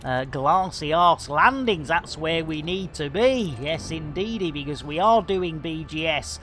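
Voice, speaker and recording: A woman's voice: sits low, animated, unhurried, slight background noise. A woman streaming a game live, joking and calling out greetings to viewers. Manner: jokey, theatrical, shouts greetings.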